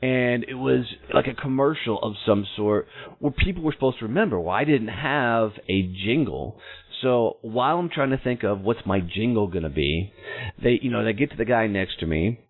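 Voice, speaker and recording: A man's voice: medium pitch, animated, normal speed. A man hosting a podcast, telling a personal story in a blunt, salty, self-mocking way. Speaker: podcast host. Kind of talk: storytelling monologue. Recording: narrow phone-like sound.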